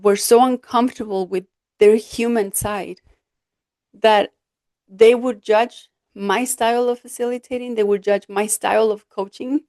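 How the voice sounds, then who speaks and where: A woman coach hosting her podcast, talking in an earnest, expressive way and acting out quoted remarks. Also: a little high, no room sound, studio quality. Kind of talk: reflective solo podcast talk.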